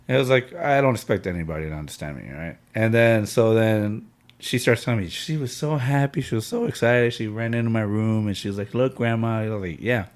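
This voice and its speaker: A man's voice: fairly low pitch, a little fast. Man telling a heartfelt personal story, slangy. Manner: emotional storytelling, frequent filler and slang. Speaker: podcast host. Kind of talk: casual chat among friends.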